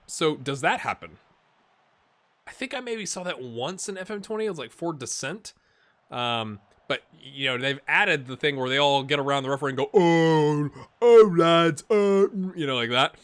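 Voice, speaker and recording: A man's voice: medium pitch, lively intonation, normal speed, bright, forceful tone. A man casually commenting on his football management game, rambling and chatty, often calling his viewers "my friends". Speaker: gaming YouTuber. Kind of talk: casual let's-play commentary.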